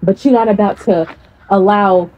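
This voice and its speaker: A woman's voice: mid-range voice, fairly even intonation, moderate pace, mellow, slight background noise, poor audio. A woman coach speaking in a casual, blunt storytelling style, swearing freely.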